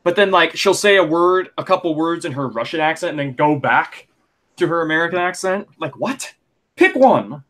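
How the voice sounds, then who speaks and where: A young man co-hosting a casual wrestling podcast, rambling and animated, full of fillers. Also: on the high side, a little fast. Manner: chatty, rambling, animated opinions with lots of fillers. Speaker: podcast co-host.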